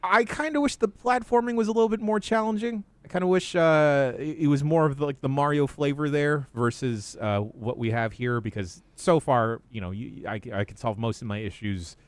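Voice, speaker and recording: A man's voice: on the high side, normal speed, few pauses, no echo. A man hosting a podcast in casual chat, laid-back and swearing freely as he tells anecdotes. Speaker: podcast host.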